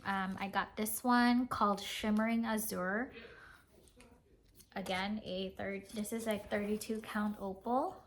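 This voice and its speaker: A woman's voice: medium pitch, steady tone, measured pace. A woman chatting casually as a craft vlogger, showing off her purchases and giggling as she talks, with lots of "like"s. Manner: chatty, giggly, says "like" often. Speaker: cross-stitch vlogger. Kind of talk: casual show-and-tell chat.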